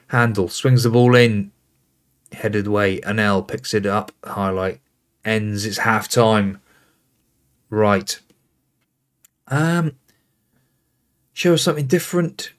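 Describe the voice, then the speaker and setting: A man narrates his football management game in an unhurried, drawn-out way. He calls out player names as the play develops and reacts with weary exasperation. His voice sits at an ordinary middle pitch. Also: expressive. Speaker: gaming host. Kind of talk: casual game commentary.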